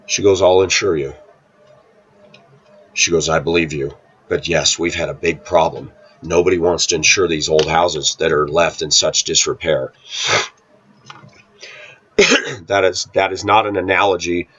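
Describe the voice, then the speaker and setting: A man with a very low voice talks casually to his viewers, rambling through a story and stopping often to clear his throat. The audio is muffled and lo-fi, like an old home video. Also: measured pace, pauses often, a bit bright. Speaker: vlogger. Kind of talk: casual monologue to camera.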